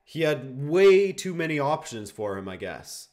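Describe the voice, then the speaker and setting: A man's voice: a little high, unhurried. A young man from Canada hosting a live watchalong, casually answering viewer questions and reacting to the game. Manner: relaxed, reads viewer questions, reacts to play. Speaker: watchalong host. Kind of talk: casual live-stream chat and match commentary.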